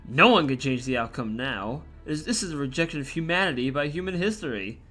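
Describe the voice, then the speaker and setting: A man's voice: medium pitch, lively intonation, fast talker, sharp tone, faint music behind. A man voicing a cold, gloating male villain mage in a game, lecturing with contempt.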